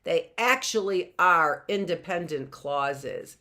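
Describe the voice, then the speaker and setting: A woman's voice: lowish voice, expressive, slow pace, sharp tone. A middle-aged woman teaching a grammar lesson in a chatty way, often checking in with "right?" and laughing at herself.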